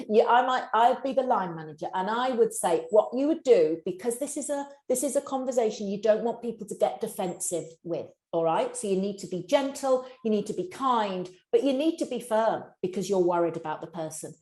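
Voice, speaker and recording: A woman giving a long, practical answer on workplace mental health during a live session. She talks fast, restarts sentences often and speaks straight to her audience. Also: mid-range voice, lively intonation, a little mellow, echoey room. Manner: fast-talking, with many restarts. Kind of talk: live webinar answer to a question.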